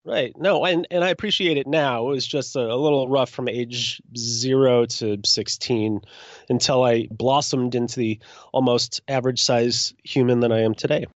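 A man in his forties from Minnesota, a juggler telling his story as a guest in a relaxed, self-deprecating way. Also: medium pitch, moderate pace, no echo, muffled recording. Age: 40s. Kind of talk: casual interview.

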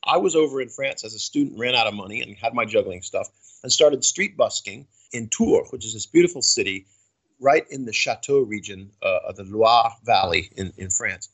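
A chatty man with a husky, slightly breathy voice, telling stories from his career as a stage performer. He talks in an animated, anecdotal way, like a guest in a relaxed conversation. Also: fairly low pitch, normal speed, rough recording. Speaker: comedy juggler and cruise ship entertainer. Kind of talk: casual storytelling interview.

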